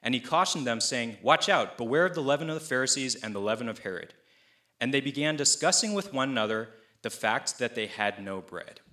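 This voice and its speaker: A young man preaching a sermon in a conversational, animated way, acting out the people he quotes with playful asides. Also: medium pitch, brisk. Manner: acts out voices of people he quotes. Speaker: pastor.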